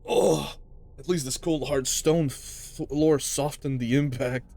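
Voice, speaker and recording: A man's voice: on the high side, takes it slowly, creaky, a little mellow. A man giving casual commentary while playing a game, chatty with muttered asides, on a desk microphone. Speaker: gamer.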